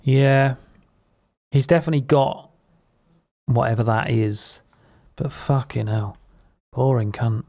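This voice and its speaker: Streamer: man, gravelly mid-pitch voice, rambling and sweary. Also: slow pace, long pauses, a little mellow. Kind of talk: casual live-stream chat while gaming.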